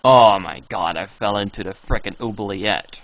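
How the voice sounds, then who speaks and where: A young man live-streaming a game and chatting with viewers in a playful, teasing way, now and then breaking into high squealing pleas. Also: normal speed, no echo. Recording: dull lo-fi stream audio.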